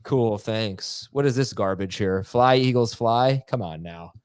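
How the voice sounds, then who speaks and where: A man hosting a live sports chat, reading out viewer questions in a quick, playful way. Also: on the low side, darkish tone, smooth, no room sound. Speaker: show host. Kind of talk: live fantasy football Q&A.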